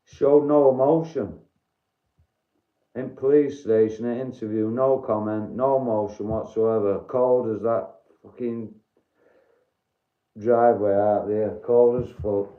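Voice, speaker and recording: A man's voice: on the low side, fairly even intonation, measured pace, pauses often, reverberant, highs cut off. A man from Doncaster with a Yorkshire accent, hosting a casual livestream, bluntly chatting to viewers by name and swearing freely. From Doncaster, Yorkshire, England. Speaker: livestream host.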